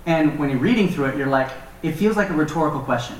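A man teaching a Bible passage in a relaxed, conversational way with joking asides. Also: fairly high pitch, quick pace, slight background noise. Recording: echoey room from far off.

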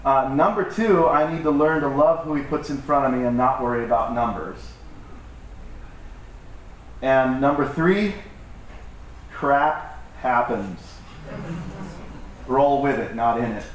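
A man's voice: medium pitch, measured pace, long pauses, a little hiss or hum. A male pastor giving a conversational, joking sermon to his church and acting out voices in the stories he tells. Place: church hall. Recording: echoey hall from far off with faint ambience.

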